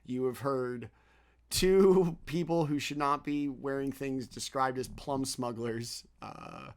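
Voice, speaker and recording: A man's voice: medium pitch, slow pace. A man running a tabletop game as game master. He narrates in a loose, rambling way with plenty of fillers and laughter between lines.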